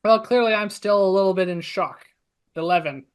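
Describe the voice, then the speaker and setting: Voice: mid-range voice, normal speed, clear, resonant tone. A player chatting casually at a tabletop game. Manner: casual, chatty, many fillers.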